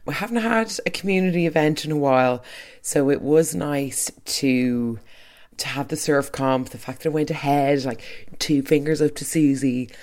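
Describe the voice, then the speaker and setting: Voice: medium pitch, normal speed, a little mellow. Podcaster chatting away about a soap, opinionated, lots of trailing asides. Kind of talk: casual recap of a soap episode.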